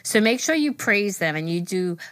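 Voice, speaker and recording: A woman's voice: mid-range voice, lively intonation, normal speed, fairly bright tone, no room sound. A woman in her thirties co-hosting a casual podcast, talking frankly about her kids and swearing freely. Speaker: podcast co-host.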